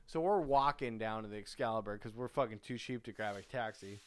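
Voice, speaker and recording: A man's voice: on the low side, a little fast, clean tone. A young man hosting a podcast, telling a rambling, profane party story with laughs mixed in. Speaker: podcast host. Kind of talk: casual storytelling.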